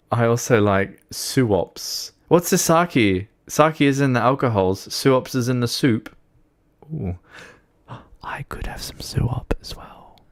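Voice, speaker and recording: Slow, sweary drunk Australian man. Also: mid-range voice, no room sound, studio quality. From Melbourne, Australia. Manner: rambling and sweary, laughs often. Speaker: streamer. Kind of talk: casual chat while playing a driving game.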